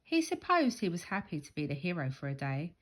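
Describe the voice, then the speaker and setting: A woman reading a children's picture book aloud, with expressive storytelling. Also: lowish voice, a little fast.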